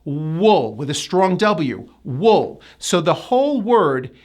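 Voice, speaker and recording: A pronunciation coach with an American accent gives a lesson, drawing out each sound slowly and exaggeratedly and drilling words through careful repetition. Her voice is lowish, very animated, and a little mellow.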